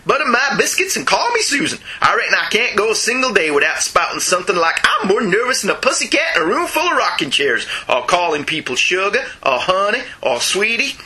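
A man doing a folksy put-on Southern drawl, laid on thick and sing-song. The voice is very bright and leaps high and low. It bounces through each phrase with mock charm. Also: very animated, brisk, few pauses, exaggerated voice. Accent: put-on American Southern. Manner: over-the-top, sing-song delivery.

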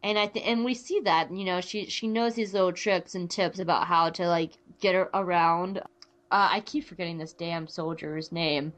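A woman hosting a podcast in casual chat, talking in an animated, rambling way with frequent restarts. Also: fairly low pitch, normal speed. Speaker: podcast host.

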